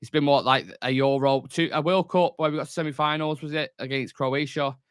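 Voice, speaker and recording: A man's voice: fairly high pitch, fairly even intonation, brisk, smooth, no room sound, clean studio sound. A young man hosting a football fan news show alone, chatty and jokey, with lots of fillers. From England. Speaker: host of a football fan channel. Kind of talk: solo news show, casual chat. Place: small studio room.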